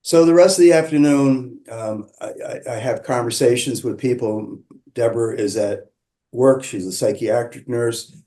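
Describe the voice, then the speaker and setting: A man calmly telling a personal story, measured and reflective, with pauses and restarts. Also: mid-range voice. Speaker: qigong practitioner sharing his story.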